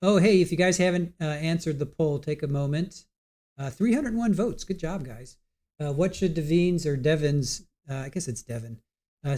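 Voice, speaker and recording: Mellow-voiced man chatting on a livestream. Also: a little high. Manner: chatty, talks to viewers in chat, trails off and restarts. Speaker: livestream host. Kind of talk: casual live-stream chat. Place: home setup at a computer.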